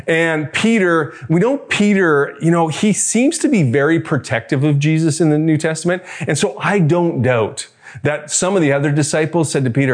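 A man's voice: fairly high pitch, normal speed. Conversational man preaching a reflective sermon. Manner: conversational, reflective, with rhetorical questions. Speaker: pastor.

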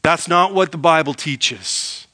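A middle-aged man preaching a sermon, emphatic, asking the congregation rhetorical questions and dropping to a hush to make a point. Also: a little high, slow. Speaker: pastor.

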